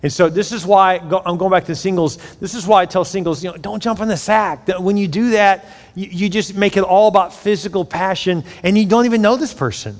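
Joking pastor in an echoey hall. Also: male voice, sits high, a little fast. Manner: conversational and joking, with sudden emphatic bursts. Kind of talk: sermon.

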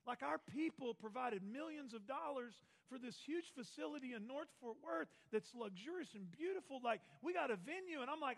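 Preacher guy, 40s, high voice, joking around mid sermon, big echoey church. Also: normal speed, vocal fry, hardly any pauses. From Texas. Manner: animated storytelling with self-mocking jokes. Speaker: pastor. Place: large church auditorium. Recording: long reverb of a large hall.

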